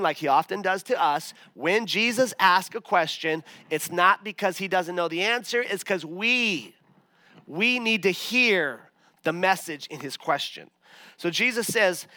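A pastor with a high, pushed, bright voice preaches a sermon in a conversational, self-mocking style, full of fillers and restarts. The recording is dry.

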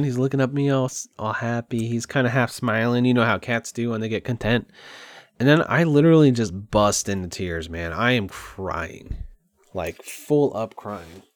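A man's voice: mid-range voice, moderate pace, no echo. Candid, rambling man in a dry room. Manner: rambling, open and emotional, with many restarts. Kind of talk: candid personal monologue. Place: at home by his computer.

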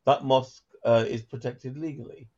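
A man with a British accent, calling into a heated debate and defending his view in a halting, stammering way. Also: mid-range voice, fairly even intonation, highs cut off, crowd noise. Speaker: caller debating the host.

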